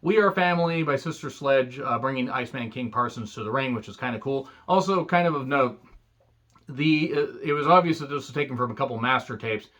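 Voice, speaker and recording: A man's voice: mid-range voice, fairly quick, fairly bright tone. A man from the United States giving a casual spoken review of an old wrestling show. He talks bluntly and swears freely, with sarcastic asides.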